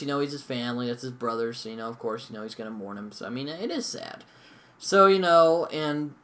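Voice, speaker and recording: A man's voice: medium pitch, fairly bright tone. A young man giving a casual, rambling review of a TV episode, full of fillers and mild swearing. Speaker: show reviewer.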